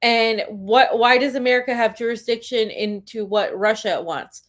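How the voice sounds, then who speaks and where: A female co-host with a somewhat high voice, talking in emphatic, indignant runs during a casual political chat. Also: normal speed, a bit bright.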